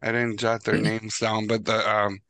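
A man's voice: on the low side, completely flat delivery, moderate pace, creaky, bright, forceful tone, dry recording. A man co-hosting a casual movie podcast, laughing often and hesitating with fillers. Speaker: podcast co-host.

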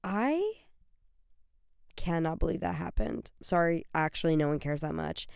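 A woman's voice: deep voice, sing-song, measured pace, vocal fry, a little mellow, clean tone, no echo, studio quality. A young woman hosting a solo podcast, rambling and gushing with many fillers and self-corrections. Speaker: podcast host. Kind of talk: solo chatty podcast rant.

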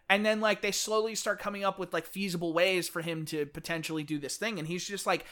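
A man co-hosting a casual podcast chat, animated, often acting out characters' lines. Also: high-pitched. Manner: animated, fast-talking enthusiast who acts out characters' lines. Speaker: podcast co-host. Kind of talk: casual chat about books.

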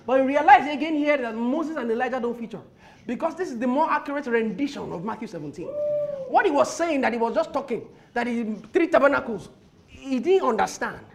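A male pastor preaching a sermon. He reads scripture aloud and explains it, swinging between quiet murmured asides and shouted, impassioned bursts. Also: very high voice, lively intonation, a little fast, creaky.

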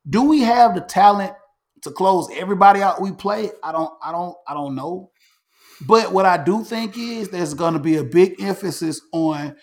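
A man hosting a casual sports talk show, animated, repeating himself and restarting phrases as he makes predictions. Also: sits high, normal speed. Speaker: podcast host.

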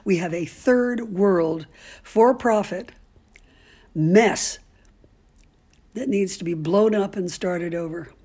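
A woman's voice: medium pitch, takes it slowly, long pauses, mellow, husky. An older woman, a great-grandmother, speaking as an interviewee in a candid, outspoken way, telling stories with frequent ums and restarts. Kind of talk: casual storytelling.

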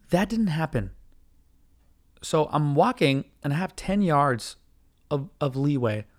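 A young man hosting a podcast, telling a profane, animated story in a ranting casual monologue. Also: fairly high pitch. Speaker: podcast host.

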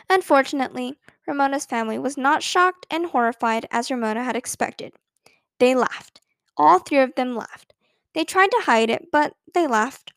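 High-voiced woman reading a story aloud. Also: lively intonation, normal speed, fairly bright tone, no echo, studio quality. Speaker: narrator. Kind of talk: scripted narration.

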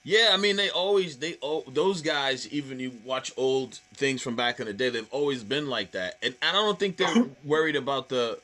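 A man's voice: medium pitch, animated, normal speed, few pauses, bright, forceful tone. A man from the Boston area with a Boston accent, a stand-up comedian telling stories in casual podcast chat, swearing freely. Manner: swearing, storytelling, acts out quoted voices.

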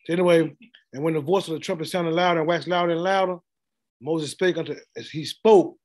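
High-pitched middle-aged guy preaching, blunt and loose, laughs a lot. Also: moderate pace, pauses often, a little mellow. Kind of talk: street sermon.

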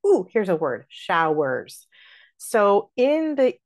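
Low-voiced woman teaching verse rhythm. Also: very animated, a little slow, gravelly. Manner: explains stress patterns, talks through examples. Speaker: podcast host and theater director.

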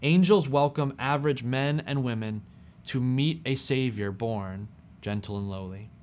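A man preaching a sermon, speaking expressively and with emphasis, dropping soft on key phrases. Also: mid-range voice, unhurried.

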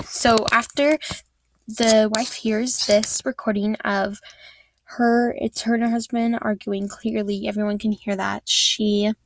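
A woman's voice: a little high, creaky, no room sound, rough recording. A fourteen-year-old girl hosting her own true-crime podcast, telling a case in a casual, chatty way with many fillers and restarts. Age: teens. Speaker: podcast host.

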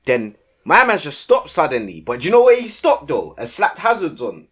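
A young man tells a story with a lot of energy, swinging his pitch widely as he acts out his own lines. His voice is slightly husky and fairly high for a man. The talk is loose and full of slang. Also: wildly swooping pitch, moderate pace, fairly bright tone. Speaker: podcast co-host. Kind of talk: casual storytelling chat.

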